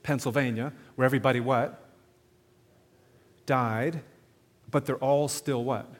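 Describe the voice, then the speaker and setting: A man preaching to a live audience on sharing faith, animated, often asking the crowd questions and checking in with "okay?". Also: medium pitch, a little slow. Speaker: evangelism speaker. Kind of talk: sermon-style teaching to an audience. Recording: long hall reverb.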